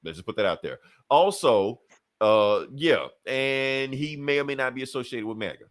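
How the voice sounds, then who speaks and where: A man's voice: mid-range voice, lively intonation, normal speed. A man co-hosting a podcast in casual chat, swearing and laughing often. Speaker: podcast co-host.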